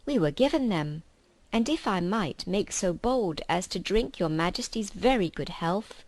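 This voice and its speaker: A woman's voice: mid-range voice, lively intonation, unhurried, a little mellow, dry recording. A woman voicing a timid, deferential old male fox in a storybook reading. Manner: deferential, stammering.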